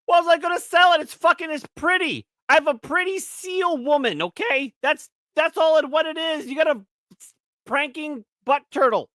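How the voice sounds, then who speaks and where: A man's voice: extremely high pitch, moderate pace, sharp tone, dry recording, clean studio sound. A man co-hosting a podcast in casual banter, crude and teasing, often slipping into mocking voices. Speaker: podcast co-host.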